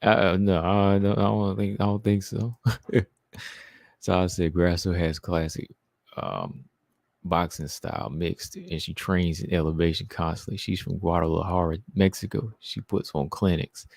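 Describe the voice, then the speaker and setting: Male stream host, deep and gravelly, casual chatty delivery, dry sound. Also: a little slow, a little mellow, dry recording. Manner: chatty, answers viewers, says "man" a lot. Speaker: livestream host reading chat. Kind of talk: casual live-stream chat.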